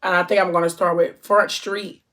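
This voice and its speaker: An Ohio woman vlogs to her viewers in a casual chat to camera, her voice fairly low and mostly flat in pitch. She's effusive and warm, giving shout-outs and drawing out her endearments.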